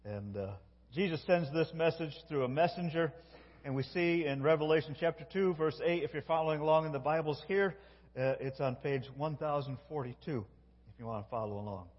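A middle-aged male pastor preaches in a folksy, homespun way, telling jokes and often restarting his sentences. His voice sits a little high and is somewhat husky. The recording is dull and lo-fi, with a long reverb from a large church. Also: fairly quick. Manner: folksy, self-interrupting, tells jokes. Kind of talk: sermon.

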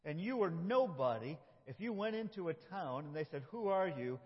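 A man's voice: a little high, very animated, moderate pace, slightly rough. A middle-aged man from upstate New York, a pastor preaching a folksy, self-deprecating sermon with frequent laughs in a church. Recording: dull lo-fi sound with long hall reverb.

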